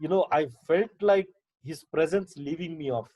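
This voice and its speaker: A man's voice: a little high, normal speed, dark tone, no room sound. A man with an Indian English accent, a pastor giving Bible teaching as a personal testimony over a video call, talking conversationally with many fillers and repeats. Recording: dull lo-fi video call audio.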